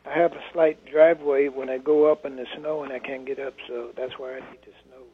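Husky caller on a tinny phone line. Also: male voice, medium pitch, fairly even intonation. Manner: halting, lots of fillers. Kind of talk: phone-in chat.

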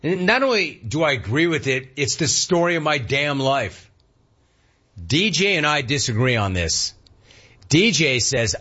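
A man's voice: a little high, very animated, a little slow, bright, forceful tone, slightly rough, muffled recording. A man hosting a casual talk radio show and reading listener complaints, talking in slang and repeating words for emphasis.

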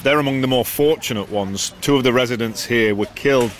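A male news correspondent reporting from outside a damaged apartment block in a measured, sober way. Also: mid-range voice.

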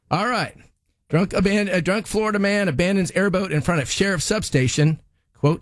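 A man's voice: sits high, fairly quick, no room sound, studio quality. A man hosting a comedy segment who introduces odd news headlines with a wry tone. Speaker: host introducing clips.

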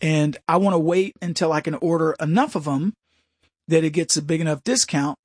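A man hosts a talk radio show in a high voice, animated and sarcastic. His voice is close and dry, with no room sound. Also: a little fast, breathy edge, dry recording.

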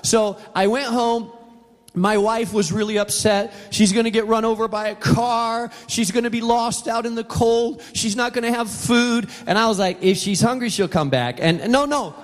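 A middle-aged male pastor preaching a sermon in an auditorium, telling stories in an animated, humorous way. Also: very high-pitched, moderate pace, long reverb tail.

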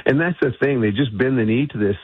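A man's voice: mid-range voice, fast talker, husky, dry recording. A man speaking as a guest in a phone-in radio interview, arguing his points assertively with frequent restarts. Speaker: energy policy guest. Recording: tinny phone line.

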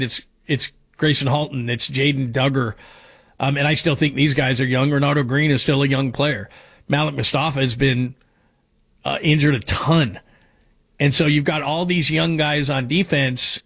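A man's voice: mid-range voice, a bit bright, breathy edge. Opinionated male sports radio host. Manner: opinionated, riffing through names and stats.

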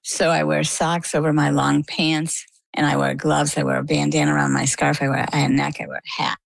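A woman's voice: sits low, fairly quick, creaky, dry recording, poor audio. A middle-aged woman from Maine, a guest telling her story in a conversational way and acting out the voices she quotes. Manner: animated, acts out quoted voices. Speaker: interview guest.

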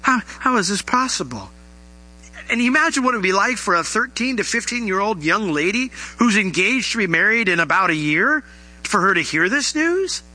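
Bright-voiced, animated male preacher. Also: sits high, moderate pace, low-quality recording. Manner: animated, rising to emphatic questions. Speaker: pastor. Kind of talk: sermon.

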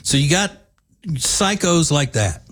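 A man's voice: on the high side, very animated, takes it slowly, fairly bright tone. A middle-aged man hosting an opinionated talk show, sarcastic and emphatic. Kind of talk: opinionated radio commentary.

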